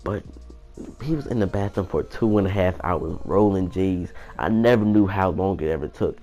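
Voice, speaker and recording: A young man with a very low, deep voice tells a personal story in a casual, rambling way. He swears freely and retells the events with animated energy. Faint music plays quietly behind him. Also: moderate pace, lo-fi sound. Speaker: vlogger.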